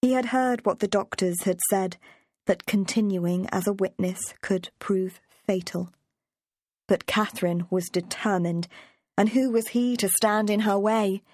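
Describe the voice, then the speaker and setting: A woman reading an audiobook chapter in a measured, even storytelling voice. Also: medium pitch, no room sound, studio quality. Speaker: audiobook narrator. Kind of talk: scripted narration.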